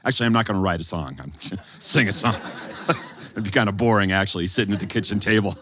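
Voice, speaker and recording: A man's voice: lowish voice, fast, noisy background. A man telling stories and leading a sing-along before a live studio audience, chatty and laughing as he goes. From Massachusetts. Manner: chatty, laughing, leads the crowd in singing. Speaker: storyteller and songwriter.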